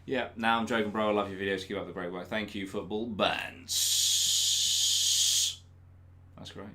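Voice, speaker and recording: A young man, a YouTube host answering viewer questions in casual, sweary chat and mimicking people loudly. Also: lowish voice, fairly even intonation, moderate pace. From England.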